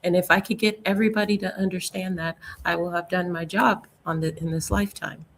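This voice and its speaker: A woman's voice: fairly low pitch, fairly even intonation, fairly quick, creaky, a bit bright, slight background noise. A woman on a live panel discussion, speaking in an earnest, emphatic, teaching manner.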